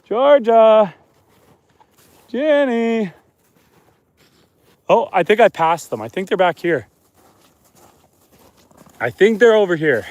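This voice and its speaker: Man, from Canada, livestreaming outdoors at night, reading chat aloud, relaxed, slightly high voice, dry close phone sound. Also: moderate pace, long pauses, no echo. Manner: reads viewer comments aloud and chats back, relaxed. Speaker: homesteader livestreaming. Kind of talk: casual live stream chat. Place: outdoors at night on a snowy homestead.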